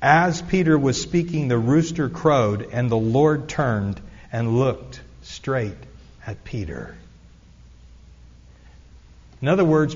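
In a church sanctuary, a man with a medium-pitched, slightly mellow voice delivers a sermon as pastor. His tone is earnest and conversational, with frequent asides to the congregation, captured in dull, lo-fi sound that echoes around the hall.

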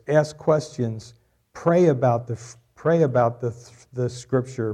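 A man's voice: mid-range voice, mellow. A middle-aged man preaching a sermon, repeating key lines for emphasis and joking with the congregation. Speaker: pastor.

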